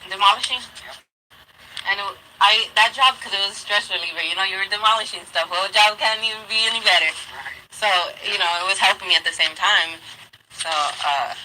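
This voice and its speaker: A woman telling her own story in an interview, swearing constantly and replaying old arguments in a heated rush. Her voice is very bright and sharp at the edges. A faint noise runs under the recording. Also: mid-range voice, brisk, poor audio. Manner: profane, heated retelling with quoted outbursts. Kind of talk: candid personal storytelling.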